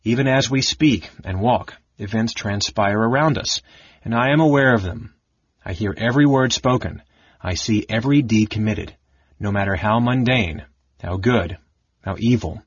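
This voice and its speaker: A man doing a calm, deep-voiced ancient chronicler. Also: husky, no room sound, lo-fi sound. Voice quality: deep baritone. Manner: calm, soothing, unhurried. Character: ageless, imperturbable male head librarian.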